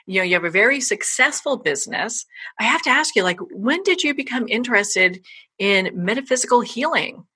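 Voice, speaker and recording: A woman's voice: fairly high pitch, lively intonation, brisk, pushed and bright, breathy edge. A woman hosting an interview show, introducing her guest and asking questions with effusive enthusiasm. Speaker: interview host. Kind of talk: casual interview chat.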